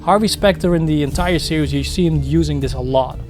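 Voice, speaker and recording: A man talks through video clips like a coach, explaining each point plainly and repeating the key phrases. His voice is a little higher than most men's. Faint music runs underneath. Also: fairly quick, a little mellow. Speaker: video host, commentator.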